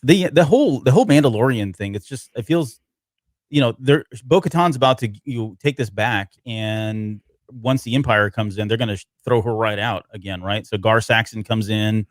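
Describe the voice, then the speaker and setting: A man with a fairly low voice chats on a podcast, hesitating often and restarting his sentences. The sound is dry and close to the mic. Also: normal speed, dry recording. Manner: hesitant, many ums and restarts. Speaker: podcast co-host. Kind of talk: casual chat.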